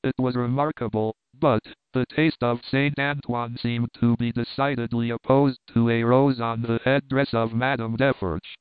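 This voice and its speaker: Man reading a classic novel, measured, even, dry close sound, tinny phone-like audio. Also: mid-range voice, clean tone, no echo. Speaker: audiobook narrator. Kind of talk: scripted classic-novel narration.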